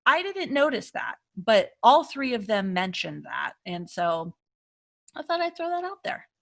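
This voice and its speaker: A woman's voice: mid-range voice, measured pace, creaky. A woman co-hosting a podcast, chatting casually and animatedly as she reviews a film. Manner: chatty, animated retelling with acted-out reactions. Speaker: podcast co-host.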